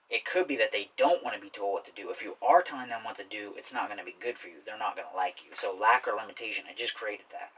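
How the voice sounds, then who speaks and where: A man's voice: on the low side, bright, forceful tone, distant mic, poor audio. A man hosting a self-help talk in a casual explainer style, often checking in with "okay?". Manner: repetitive, keeps asking "okay?". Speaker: self-help video host.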